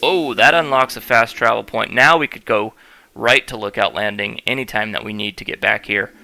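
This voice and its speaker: A man's voice: on the low side, moderate pace, vocal fry, sharp tone. A man hosting a let's-play, commentating on gameplay in a playful, jokey way and talking straight to viewers. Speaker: gaming host.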